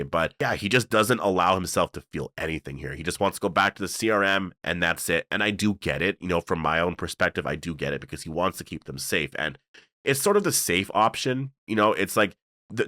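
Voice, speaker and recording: A man's voice: sits low, dry recording, clean studio sound. A man reviewing a TV episode in a casual, rambling way, full of fillers. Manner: rambling, filler-heavy, excitable. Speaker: show reviewer. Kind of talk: casual video breakdown.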